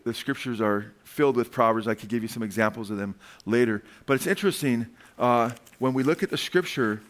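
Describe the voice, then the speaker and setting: A male pastor preaching a sermon, telling stories with quick asides and chuckles. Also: medium pitch.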